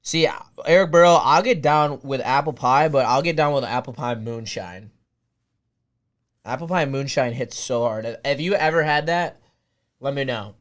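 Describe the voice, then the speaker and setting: A young man hosting a casual live stream. He rambles, answers his chat and sometimes breaks into loud hype cheering. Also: medium pitch. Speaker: streamer hosting a draft watch party.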